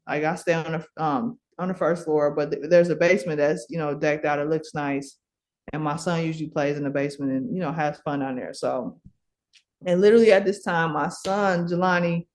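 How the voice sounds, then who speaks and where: Middle-aged woman from milwaukee telling a story on a podcast, chatty, laughs a lot, fillers and restarts everywhere. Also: low voice. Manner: animated, laughs often, many fillers and restarts. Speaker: podcast guest. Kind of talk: casual storytelling.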